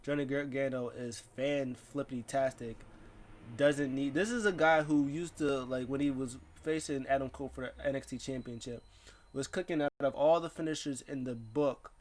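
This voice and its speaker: Excitable man rambling through a wrestling recap. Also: mid-range voice. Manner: rambling and excitable, with quick voices for the people he quotes. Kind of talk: casual rundown.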